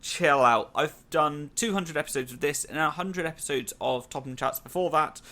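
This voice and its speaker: Young British male podcast host, bright forward tone, rambly with lots of "like"s. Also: on the high side. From Britain. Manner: rambling, many "like" fillers, quick bursts. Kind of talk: casual podcast chat.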